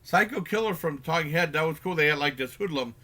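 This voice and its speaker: Reviewing a movie off the cuff, this man speaks in a high, animated voice with a sharp edge. He wanders, piles on fillers and restarts, and quickly bursts into characters' lines from the film.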